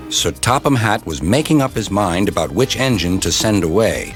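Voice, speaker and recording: A man narrating a children's storybook, expressive and measured. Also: lowish voice. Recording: music playing underneath.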